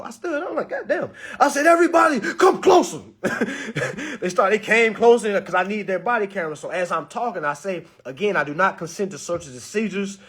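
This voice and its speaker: Young guy telling a story, husky voice, pitch jumps all over, kinda high. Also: fairly bright tone. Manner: acts out quotes with sudden high-pitched bursts and laughs. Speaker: storyteller addressing an audience. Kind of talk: animated storytelling talk.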